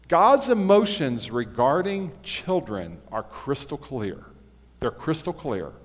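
A man giving a sermon, conversational and plain-spoken, reading and explaining scripture with occasional forceful bursts. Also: fairly high pitch. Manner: conversational, rising to forceful bursts when quoting. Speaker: pastor. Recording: long hall reverb.

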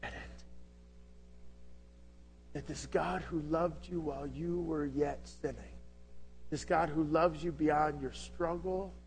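High-voiced man preaching a sermon. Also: fairly even intonation, takes it slowly, pauses often, a little hiss or hum. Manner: impassioned, rhetorical questions, swings from loud to hushed. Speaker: pastor.

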